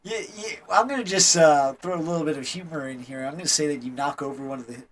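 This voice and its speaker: A man's voice: fairly high pitch, quick pace, low-quality recording. A man narrating as game master, playful, with joking asides.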